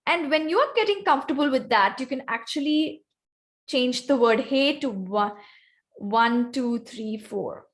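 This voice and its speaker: A woman's voice: sits high, lively intonation, moderate pace. A woman giving an instructive presentation on voice technique over a video call, calling on members by name. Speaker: guest speaker presenting on vocal variety. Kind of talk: online club meeting presentation.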